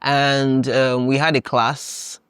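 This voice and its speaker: A young man from Nigeria hosting a podcast, telling stories in a casual, animated way, laughing often and acting out his own past thoughts. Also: mid-range voice, slow, clean tone, no echo, clean studio sound. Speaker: podcast host. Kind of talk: casual storytelling monologue.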